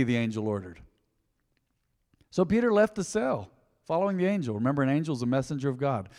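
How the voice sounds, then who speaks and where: A man preaching a sermon, telling a story and acting out the lines with lively swings in loudness. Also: mid-range voice, brisk, long reverb tail. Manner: animated preaching, acting out quotes. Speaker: pastor.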